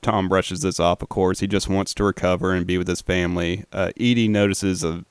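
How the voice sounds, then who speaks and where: A man giving a casual, relaxed film commentary, swearing now and then. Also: sits low, fairly quick, clear, resonant tone, dry recording. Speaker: film recap host.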